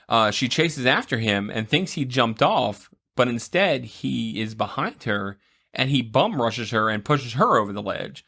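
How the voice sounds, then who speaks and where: A man's voice: mid-range voice, animated, measured pace, sharp tone, breathy edge. A man co-hosting a podcast, casually retelling a film's plot with playful asides. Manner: rambling retelling with playful voices and laughs. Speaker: podcast co-host. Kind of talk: casual movie recap chat.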